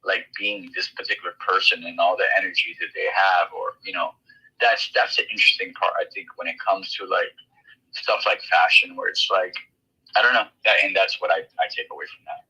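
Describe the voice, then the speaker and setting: Male guest, low, bright and husky, phone-quality sound. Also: little pitch movement, a little fast. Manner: hesitant, many fillers. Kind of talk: casual chat on an audio space.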